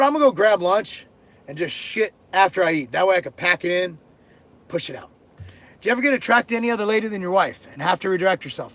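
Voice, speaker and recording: A man's voice: high-pitched, fairly bright tone. Blunt, crude-joking man on a live stream. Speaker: host answering viewer questions. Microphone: headphones and desk mic.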